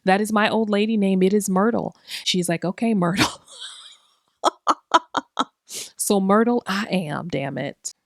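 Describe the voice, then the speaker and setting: A woman's voice: mid-range voice, a little slow, gravelly, pauses often, dry recording, clean studio sound. A woman in her forties hosts a podcast in a casual, comedic monologue. She talks loosely and profanely, asks rhetorical questions and laughs often at herself. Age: 40s. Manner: chatty and self-mocking, laughing often. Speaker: podcast host.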